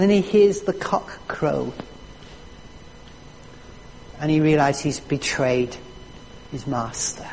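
A preacher delivering a sermon with slow, emphatic storytelling. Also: medium pitch, expressive, gravelly, a little mellow, slight background noise. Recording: echoey hall reverb.

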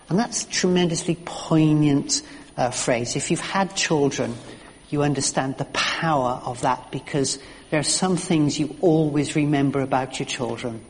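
A man's voice: fairly high pitch, moderate pace, big-room sound. A middle-aged man preaching a sermon in an earnest, story-telling way, with frequent restarts and fillers.

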